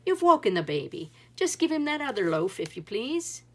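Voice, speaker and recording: A woman voicing a calm, clever wife in a storybook reading, speaking in a bright, coaxing way. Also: on the high side, moderate pace, voice pushed up.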